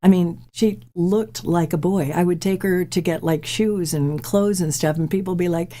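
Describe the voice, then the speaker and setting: Mellow-voiced woman, candid and reflective. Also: on the low side, normal speed, few pauses. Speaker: host. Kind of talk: personal storytelling.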